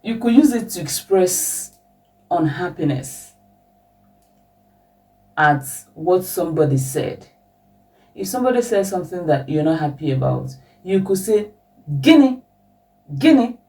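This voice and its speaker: Slow, patient woman teaching a language. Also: on the low side, distant mic, low-quality recording. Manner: slow, patient, repeats example phrases with lively question intonation.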